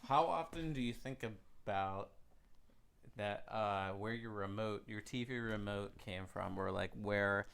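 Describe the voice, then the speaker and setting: A man's voice: on the low side, a little slow, creaky, a bit bright, smooth. A man joining a podcast as a guest, chatting casually and throwing in jokey asides. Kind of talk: casual chat.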